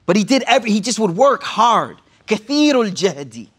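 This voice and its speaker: A man's voice: high voice, sing-song, fast talker, fairly bright tone, slightly rough. A man preaching, retelling a story with casual slang and Arabic quotes mixed in. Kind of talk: sermon storytelling.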